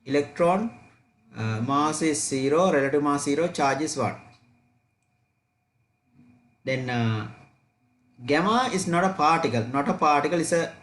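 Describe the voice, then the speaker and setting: A man teaching an online chemistry revision class, repeating key points and checking students' answers aloud. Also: fairly high pitch.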